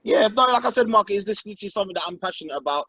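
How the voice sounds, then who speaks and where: Fast-talking excitable young man guest. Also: high voice, no echo, dull audio. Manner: excitable, swears, laughs often. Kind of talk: casual video call chat.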